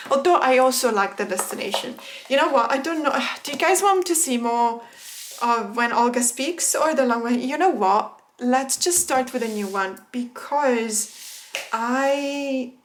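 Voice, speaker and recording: A woman vlogging a casual tarot deck unboxing, chatty and excitable, laughing often and talking to her viewers as guys. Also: fairly high pitch, slight background noise.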